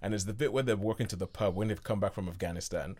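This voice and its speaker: A married man co-hosting a casual film chat, halting and repeating words as he goes. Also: on the low side, darkish tone. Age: adult, married. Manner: halting, repeats words, laughs, imitates characters. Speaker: film podcast co-host. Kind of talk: casual chat about films.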